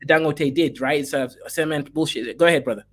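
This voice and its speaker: A man hosting an online panel discussion, talking fast and emphatically with casual slang. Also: fairly high pitch. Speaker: host.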